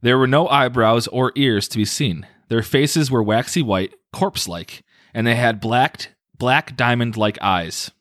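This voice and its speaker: A man's voice: medium pitch, unhurried, a bit bright, dry recording, studio quality. A man hosting a casual podcast, reading a story aloud and breaking off for jokey asides.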